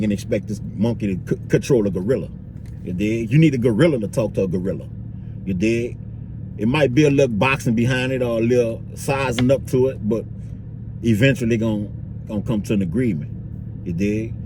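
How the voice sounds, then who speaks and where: A man's voice: medium pitch, background noise. Slangy man in a street-talk monologue. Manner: loose slangy delivery, constant "you dig", "dog", "bro". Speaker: vlogger.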